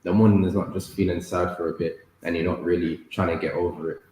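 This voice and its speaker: A man with a low, deep voice talks through a Bible lesson and reads scripture in a measured way. The sound carries heavy echo from the room around him. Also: fairly even intonation, warm tone, a little hiss or hum. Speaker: Bible study co-host and reader. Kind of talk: casual Bible study teaching and scripture reading. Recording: echoey room.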